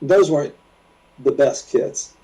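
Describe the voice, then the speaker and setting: A man's voice: mid-range voice, slow, warm tone, distant mic, poor audio. A man chiming in on a casual livestream with short, dry remarks.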